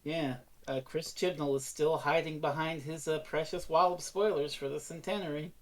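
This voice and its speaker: A man's voice: a little high, steady tone, normal speed. Dry, teasing male podcast co-host. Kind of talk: casual podcast chat.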